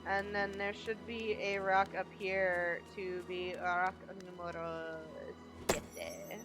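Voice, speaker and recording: A woman's voice: lowish voice, slow, over music, low-quality recording. A woman streaming a game, chatting casually with her viewers while she plays. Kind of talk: casual gameplay commentary.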